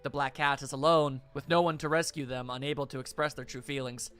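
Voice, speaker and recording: Quiet eerie girl speaking low and soft, read by a streamer, bright timbre. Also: level tone, fairly quick, faint music behind, close to an everyday voice. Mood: gloomy. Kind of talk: game dialogue read aloud.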